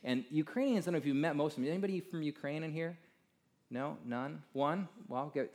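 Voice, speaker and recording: A middle-aged American man telling a personal story to an audience in a casual, animated way, full of fillers and asides. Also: a little high, quick pace. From United States.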